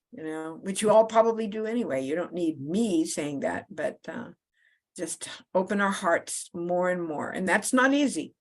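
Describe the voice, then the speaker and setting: A woman moderating an online discussion and closing it, halting with many fillers and repeated words. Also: mid-range voice. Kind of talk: closing remarks on a video call. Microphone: video call.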